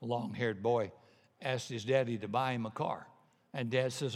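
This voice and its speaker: A man's voice: medium pitch, normal speed. A man preaching a sermon in a folksy, punchy way, telling jokes and little stories. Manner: folksy, punchy, animated storytelling. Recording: long hall reverb.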